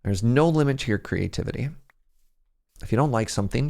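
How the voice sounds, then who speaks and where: In casual gameplay chat with his viewers, a young Canadian Minecraft streamer thinks out loud and pokes fun at himself while building. His medium-pitched voice is animated, fairly quick, gravelly and dark.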